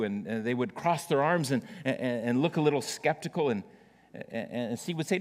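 A man's voice: medium pitch, a little fast, big-room sound. A male pastor preaching a sermon to his church, telling a story with playful asides to the congregation.

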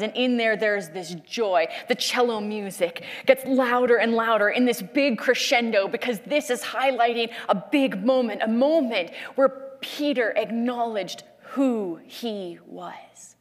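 A woman preacher narrating Bible scenes like film shots, in an animated storytelling sermon. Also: on the high side, in a large hall.

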